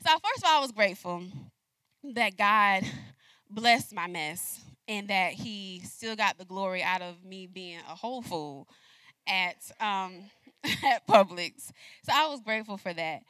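Bright animated woman telling a story. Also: medium pitch, a little slow, dry recording. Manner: animated, acts out dialogue with laughs. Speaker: speaker giving a message. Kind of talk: storytelling sermon.

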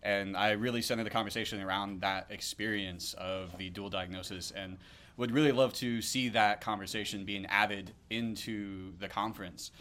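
A man who works as a coach introduces himself in a plain, steady, informative way. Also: lowish voice, normal speed. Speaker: ADHD coach. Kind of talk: self-introduction in casual chat.

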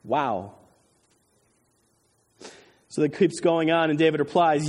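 A man preaching a sermon as pastor, animated, swinging between loud emphasis and hushed intensity. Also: on the high side, slow, pauses often. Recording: long hall reverb.

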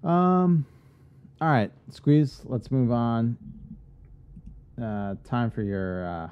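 A man co-hosting a podcast in casual chat, getting animated and swearing freely as he rants. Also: medium pitch, drawn-out words, smooth, phone-quality sound. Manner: animated, profane ranting. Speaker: podcast co-host.

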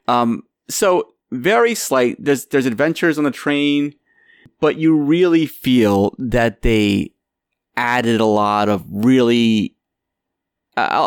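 A man's voice: medium pitch, clean tone, no room sound. Hesitant man reviewing a film, dry sound. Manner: hesitant, repeats words when starting sentences. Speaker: podcast host reviewing a film. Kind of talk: casual film review chat.

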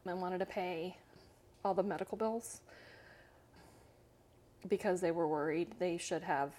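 A woman's voice: fairly low pitch, measured pace, warm tone, a little hiss or hum. A woman in her fifties from Central America, a guest telling her story in a casual, chatty way, full of fillers and light laughs. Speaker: interview guest.

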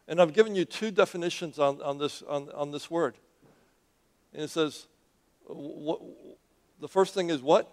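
Brief: man, pastor mid-sermon, emphatic, call-and-response, slightly higher-pitched voice. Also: moderate pace, long pauses, a little mellow. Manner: emphatic, calls for congregation response, repeats words. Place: church sanctuary.

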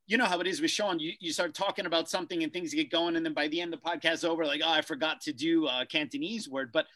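A man's voice: a little high, pushed and bright, no echo. A man hosting a podcast, chatting casually with many fillers and loose asides. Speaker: podcast host.

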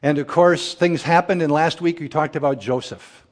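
A man's voice: on the high side, moderate pace. A middle-aged man preaching a sermon as pastor, folksy and storytelling in manner. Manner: folksy storyteller, acts out characters in a joke. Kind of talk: sermon with a told joke.

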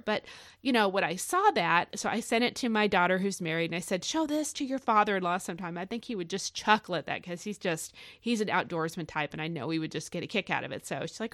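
A middle-aged woman hosting a devotional podcast, chatting casually and telling a story in an animated way with many fillers. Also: fairly low pitch, a little fast, no echo, clean studio sound. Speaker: podcast host.

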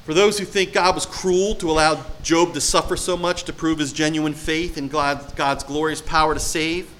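A man's voice: on the high side, steady tone, moderate pace, slight background noise, poor audio. A man preaching a sermon, reading scripture dramatically and asking his listeners questions in a conversational way. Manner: emphatic, dramatic scripture reading with sudden loud and quiet turns; conversational, asks the audience questions.

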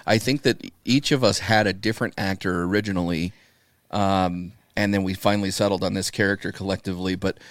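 Low-voiced rambling guest man. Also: steady tone, brisk, no room sound, studio quality. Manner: rambling, crude humor. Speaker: podcast guest. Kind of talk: casual comedic chat.

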